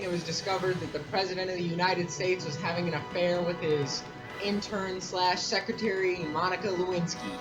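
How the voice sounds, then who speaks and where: Hesitant young man doing a joking newscast. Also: sits high. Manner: hesitant, jokey, many "uh" fillers. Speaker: sound guy filling in as news anchor. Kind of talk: amateur mock news broadcast.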